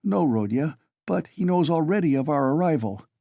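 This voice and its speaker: A male narrator voicing a timid middle-aged mother who frets and pleads. He lifts his voice well above its usual pitch, keeping a mellow tone in a dry, close sound. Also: expressive, normal speed, gravelly, dry recording. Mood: anxious. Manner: pleading, fretful.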